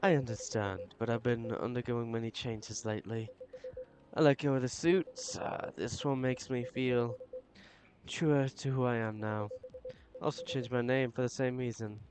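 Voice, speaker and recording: A man voicing a gentle alien who is becoming more human, talking in a soft, hesitant, apologetic way. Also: mid-range voice, fairly even intonation, unhurried, noisy background, close to an everyday voice. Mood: shy.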